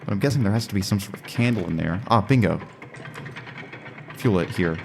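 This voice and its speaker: A man's voice: lowish voice, a little fast, gravelly, slight background noise. A man giving casual let's-play commentary in a rambling, musing way, often restarting his sentences. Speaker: gaming commentator.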